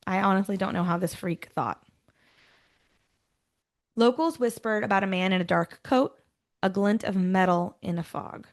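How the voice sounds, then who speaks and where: A woman's voice: mid-range voice, normal speed, pauses often. A woman hosting a true-crime podcast, moving between read-out storytelling and chatty, offhand asides. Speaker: podcast host. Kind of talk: casual true-crime chat mixed with read narration.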